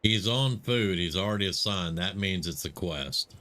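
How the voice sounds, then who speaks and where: A man's voice: low voice, lively intonation, normal speed, pushed and bright. Chatty man streaming a game. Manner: muttering, chatty reactions to the game. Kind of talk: live gameplay commentary.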